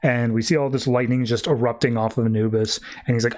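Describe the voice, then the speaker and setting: A podcast host recapping a comic book in a loose, chatty way. He is wry and offhand and swears now and then. His voice sits in a middle pitch. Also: brisk, hardly any pauses, a little mellow.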